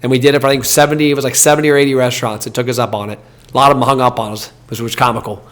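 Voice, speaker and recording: A man in his thirties, a podcast host, telling a story in a blunt, animated, casual way. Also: medium pitch, rapid-fire. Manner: animated, blunt, acts out quoted dialogue.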